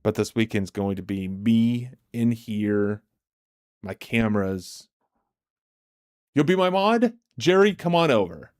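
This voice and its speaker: A man hosts a casual livestream from his home setup, answering viewers' comments aloud. He talks slowly in a somewhat low voice and laughs often. The sound is close and dry, with no room echo. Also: lively intonation. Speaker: livestream host.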